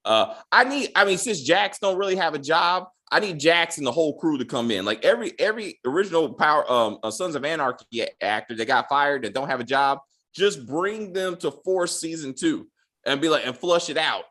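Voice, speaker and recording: A man's voice: a little high, a little fast. A man hosting a casual TV review chat, swearing freely and acting out lines from the show. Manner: animated, profane, acts out quotes. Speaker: podcast host.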